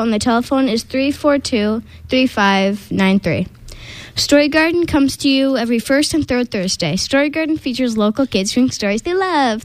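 A woman hosting a community radio show, reading announcements in a measured, deliberate and upbeat way from a studio microphone. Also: high-pitched, dry recording, low-quality recording.

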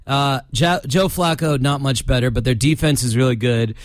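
A man co-hosting a casual sports talk show, joking around and quick to react. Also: mid-range voice, no room sound, studio quality. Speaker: podcast co-host.

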